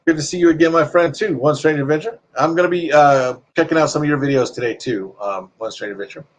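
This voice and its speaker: A man's voice: on the high side, quick pace, slight background noise. A man hosting a casual live stream, rambling and reading viewer comments aloud in a friendly, chatty way.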